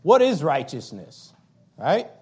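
A pastor preaching a fiery sermon, emphatic and repetitive, swinging between loud declarations and quiet, low passages. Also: male voice, wildly swooping pitch, slow pace, breathy edge.

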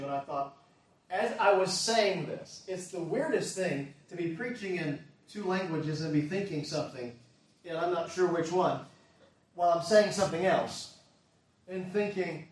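A man preaching a sermon as a pastor, earnest, moving between quiet asides and forceful emphasis. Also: a little high, moderate pace. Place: church. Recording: echoey church hall, mic at a distance.

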